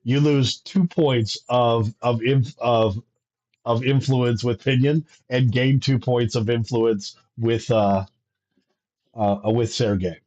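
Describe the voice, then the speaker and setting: A man runs a tabletop game at an unhurried pace, joking and tripping over his words. His voice is husky and mid-pitched. The stream audio sounds dull and lo-fi. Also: fairly even intonation, a little mellow. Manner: jokey, laughing, stumbles over words. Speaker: game master.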